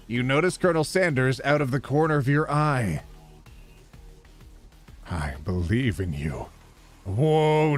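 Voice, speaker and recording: A man from Canada reads a game's text aloud on stream, cracking jokes and laughing as he goes. His voice sits at an ordinary middle pitch, with faint music under the game. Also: a bit bright. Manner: playful, joking, laughs often. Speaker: gaming streamer. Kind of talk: casual let's-play, reading game text aloud.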